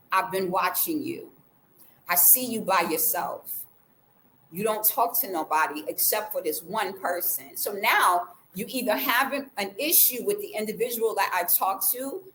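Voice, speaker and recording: Animated woman telling a story. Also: medium pitch, slight background noise, poor audio. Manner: animated, acts out the quoted dialogue. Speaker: vlogger. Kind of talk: casual storytelling to camera.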